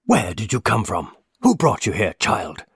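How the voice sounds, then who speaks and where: A man's voice: on the low side, huge pitch swings, measured pace, fairly bright tone, slightly rough, no room sound, clean studio sound, full character voice. A man voicing a frightened, guilty father who gasps and snaps fiercely. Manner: gasping, fierce.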